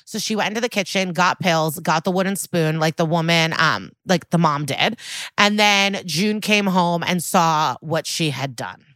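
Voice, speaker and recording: Woman, podcast co-host, casual recap, lowish pitch, dry close sound. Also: a bit bright, dry recording. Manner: chatty, quotes characters in quick voices, laughs often.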